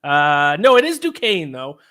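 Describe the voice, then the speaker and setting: Bright-voiced male betting show host. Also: fairly high pitch, big pitch swings, a little slow. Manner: leads the segments and asks his co-host questions. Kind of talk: casual betting podcast chat.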